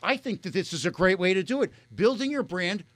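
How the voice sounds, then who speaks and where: A man's voice: high-pitched, big pitch swings, a little fast, fairly bright tone, dry recording. A man hosting a radio show, talking in an effusive, emotional, rambling way into a studio microphone. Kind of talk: casual on-air chat.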